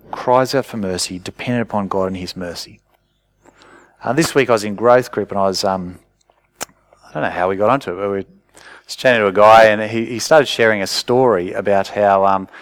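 A man's voice: fairly low pitch, dry recording. Dry-voiced male preacher, conversational. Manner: conversational storytelling, rising to loud urgent cries. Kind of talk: sermon.

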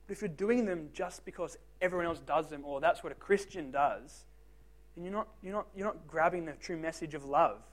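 Young man, high voice, youth group speaker, jokey, self-deprecating, talks straight to teens. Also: brisk. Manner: joking, self-deprecating storyteller. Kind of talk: casual youth group talk.

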